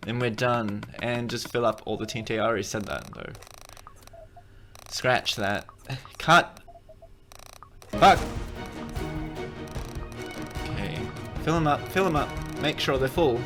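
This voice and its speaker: A man's voice: mid-range voice, fairly bright tone. Joking man narrating a game tutorial. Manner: rambling, joking, self-correcting. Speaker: gaming video creator. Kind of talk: casual game tutorial commentary.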